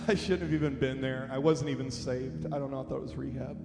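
A man in his forties preaching a sermon in a large church, building from quiet storytelling to impassioned shouting. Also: mid-range voice, steady tone, a little fast, gravelly. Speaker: pastor. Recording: echoey hall with music underneath.

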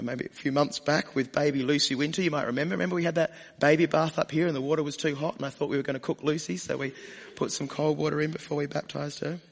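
A man's voice: a little high, creaky, long reverb tail. A male pastor preaching a sermon in church, speaking conversationally and asking the congregation rhetorical questions.

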